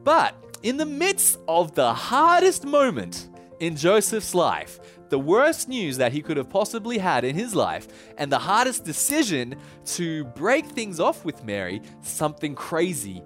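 Animated young man teaching scripture. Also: a little high, unhurried, soft background music. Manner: animated storytelling, chatty and laughing often. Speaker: preacher. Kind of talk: casual Bible teaching.

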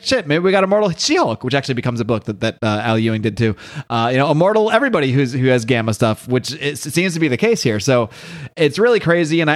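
Male co-host, quick talker, enthusiastic, casual. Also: on the high side. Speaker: podcast co-host. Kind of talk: casual chat.

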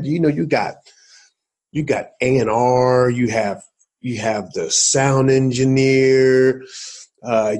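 Brief: husky man from Ohio, animated storyteller guest, mid-range voice. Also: medium pitch, rough recording. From Columbus, Ohio, USA. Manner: animated storyteller, acts out quotes, talks to the listener. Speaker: guest, motivational speaker and former football player. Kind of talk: storytelling in a podcast interview.

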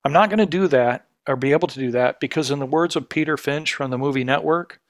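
A man's voice: fairly high pitch, quick pace, hardly any pauses, dry recording, studio quality. A middle-aged man giving earnest, scripted podcast commentary that turns indignant. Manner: earnest and indignant, building to pointed outrage. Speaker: podcast host, healthcare consultancy CEO.

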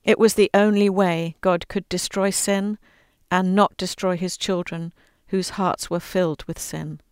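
A woman's voice: fairly low pitch, steady tone, measured pace, clear, resonant tone, no echo, clean studio sound. A woman speaking earnestly as an interview guest, then reading aloud from her storybook, giving quoted lines a little voice of their own.

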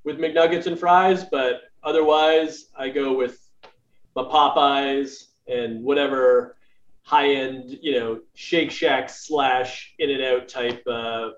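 Slow and fairly even in intonation, this man's mid-range voice belongs to a podcast co-host in casual conversation. He ponders out loud with fillers while answering, over roomy, dull, lo-fi remote audio.

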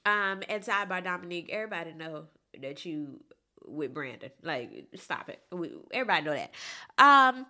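A woman's voice: on the low side, animated, fairly quick, sharp tone. A woman giving a casual, sassy recap of a reality show, talking emphatically and throwing in chatty asides to the viewer.

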